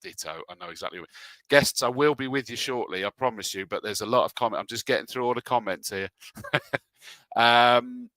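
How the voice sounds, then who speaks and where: Bright, dry-voiced host. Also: male voice, medium pitch, a little fast, dry recording. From England. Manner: friendly, reads out names then chats back. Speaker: host and race commentator. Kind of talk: casual live-stream chat reading viewer comments.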